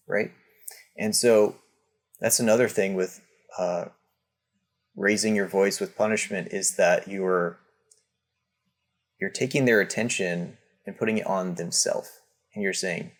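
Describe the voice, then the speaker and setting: A man's voice: lowish voice, fairly even intonation, a little slow, pauses often. A man speaking as a guest in an interview, explaining his ideas patiently with many restarts and acted-out examples. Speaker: parenting guest. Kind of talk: conversational interview.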